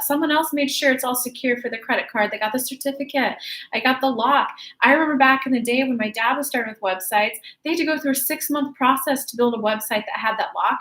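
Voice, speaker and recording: A woman leading a spiritual livestream, talking in a lively, chatty way. Her voice sits somewhat high and rings in an echoey room. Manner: lively, chatty, speaks of herself by name. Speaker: spiritual channeler hosting a livestream. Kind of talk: animated channeled talk and storytelling.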